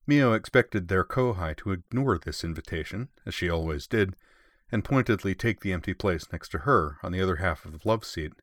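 A man with a low voice reads a story aloud in a measured way. His pitch rises and falls in a lively way. The sound is close and dry. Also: dry recording. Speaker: story reader. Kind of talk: reading fan fiction aloud.

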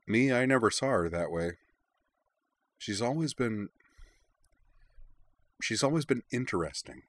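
A man voicing a kind young man who speaks quietly with a wry, gentle tone. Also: lowish voice, expressive, unhurried, no room sound, pitched above the performer's own voice.

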